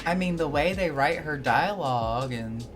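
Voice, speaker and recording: A man's voice: a little high, expressive, moderate pace, music in the background. A man streaming a video game, chatting and reading quest dialogue aloud, rambling with hesitations and self-corrections.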